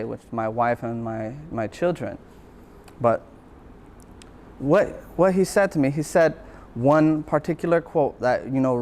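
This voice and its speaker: A man's voice: mid-range voice, a little mellow. Earnest man telling a personal story. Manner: repeats phrases for emphasis. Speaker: university lecturer. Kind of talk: motivational talk.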